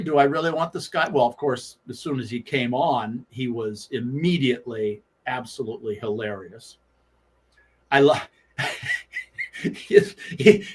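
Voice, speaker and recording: A man, a guest sports writer, telling anecdotes on a sports talk radio show in an animated way, often restarting his sentences and acting out quoted lines. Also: mid-range voice. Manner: halting with frequent restarts.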